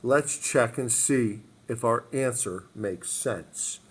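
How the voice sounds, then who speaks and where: A man's voice: mid-range voice, slow, slightly rough. Man walking through math steps. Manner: step-by-step, repeats phrases, frequent "okay?" check-ins. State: hiccups. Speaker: math teacher. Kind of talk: recorded math lesson walkthrough.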